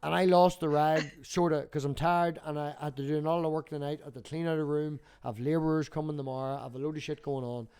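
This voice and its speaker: Male livestream host, 30s, swears freely, slightly high voice. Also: fast talker, hardly any pauses, clear, resonant tone, faint music behind. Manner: swears freely, animated storytelling. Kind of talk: casual chat.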